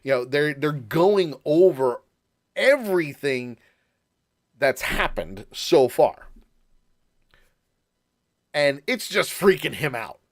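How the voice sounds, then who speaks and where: A man co-hosting a casual podcast, talking through an episode with many restarts, repeated words and easy laughter. His voice sits a little higher than most men's. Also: big pitch swings, slow, pauses often. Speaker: podcast co-host. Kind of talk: casual chat recapping a show.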